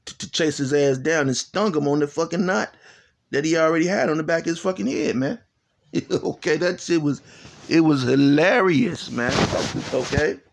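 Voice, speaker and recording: A man's voice: mid-range voice, creaky. A man telling a long, rambling, profane story in casual talk, full of fillers and "you know," laughing as he goes. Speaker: channel host.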